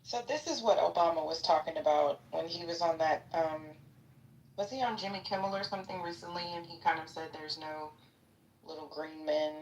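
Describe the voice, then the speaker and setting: Gravelly low-voiced woman in her fifties, rambling and jokey, sitting far from the mic. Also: a little fast, darkish tone, slight background noise. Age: 50s. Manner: rambling, joking, gossipy. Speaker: participant in a live audio chat. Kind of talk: casual chat.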